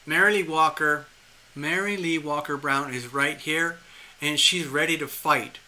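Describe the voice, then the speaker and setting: Bright-voiced man giving a live tarot reading. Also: a little high, unhurried. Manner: rambling and animated, with frequent restarts and chuckles. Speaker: tarot reader hosting a live stream.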